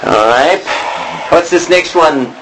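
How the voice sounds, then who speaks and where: Seorang pria mengajar kosakata Yunani di kelas dengan santai, sering tertawa dan bercanda. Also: male voice, a little high, lively intonation, background noise. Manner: jokey, laughs often, drawn-out words. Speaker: Greek teacher. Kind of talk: casual classroom teaching.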